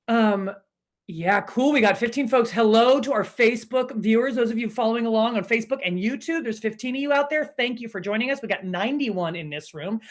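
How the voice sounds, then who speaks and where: A woman hosting an online improv show from her living room over a video call, chatty and bubbly, giving shout-outs and easily distracted. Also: on the high side, brisk. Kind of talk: live stream welcome and shout-outs.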